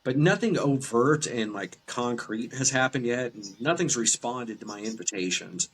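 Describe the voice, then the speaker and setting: A man from Eastern Kentucky with an Appalachian accent, a podcast guest telling ghost stories in a relaxed, rambling way. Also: medium pitch, moderate pace, poor audio. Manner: relaxed, rambling anecdotes with restarts. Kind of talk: casual storytelling chat.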